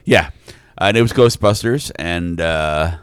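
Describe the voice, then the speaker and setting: A man's voice: deep voice, a little slow, clean tone, no room sound. A man co-hosting a podcast in casual chat, rambling with restarts. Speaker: podcast co-host.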